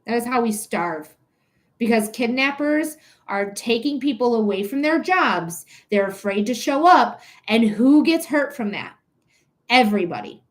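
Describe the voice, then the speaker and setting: A young woman hosting a paid livestream reading, talking in a fairly high voice. She rants emphatically, repeats herself for effect and swears freely. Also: sing-song, measured pace. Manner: emphatic, repetitive, profane ranting. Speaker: livestream tarot reader. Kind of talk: casual livestream chat.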